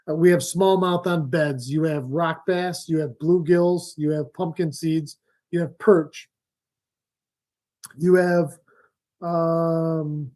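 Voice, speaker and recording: A middle-aged man hosting a fishing live stream, chatting casually and telling rambling stories with fillers. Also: a little high. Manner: relaxed rambling storyteller with frequent fillers and laughs. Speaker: fishing show host.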